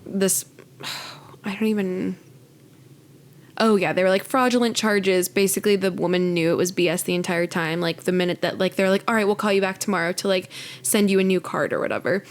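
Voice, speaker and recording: A woman's voice: mid-range voice, fairly even intonation, fairly quick. Joking woman podcast co-host. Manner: reactive and joking. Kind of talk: casual chat.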